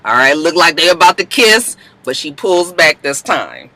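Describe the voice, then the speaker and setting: A woman casually recapping a TV episode in an animated, chatty way, swearing freely and acting out the characters. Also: sits low, normal speed, hardly any pauses, poor audio. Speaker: TV recap YouTuber.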